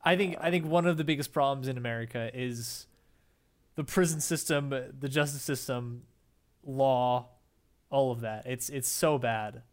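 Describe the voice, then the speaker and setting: A man's voice: medium pitch, a little slow. A young man co-hosting a casual podcast chat, rambling with many fillers and restarts. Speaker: podcast co-host.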